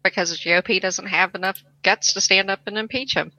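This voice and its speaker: A woman's voice: mid-range voice, steady tone, a little fast, sharp tone, no room sound, poor audio. A woman in a casual talk show, speaking in an outspoken, indignant way. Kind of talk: casual chat.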